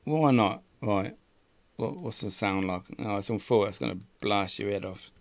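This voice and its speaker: A man co-hosting a podcast, chipping in relaxed and prompting his co-host's stories. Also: on the low side, moderate pace, no room sound. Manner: relaxed, chips in and prompts the other host. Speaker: podcast co-host. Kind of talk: casual chat.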